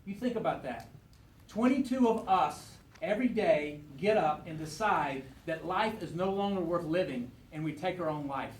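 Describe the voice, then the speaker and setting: A man with a fairly high-pitched voice speaks at a moderate pace as a guest at a veterans event. He tells a story, then speaks earnestly in a folksy way. The recording picks up a little hiss or hum, an echoey room and faint ambience.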